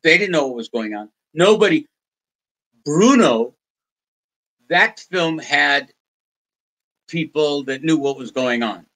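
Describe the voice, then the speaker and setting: A man's voice: a little high, animated, slow pace, pauses often, a bit bright, rough recording. An older American man, a podcast guest, telling rambling stories with many restarts and quoted voices. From United States. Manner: rambling anecdotes with restarts, quoting others in put-on voices. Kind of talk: casual interview storytelling.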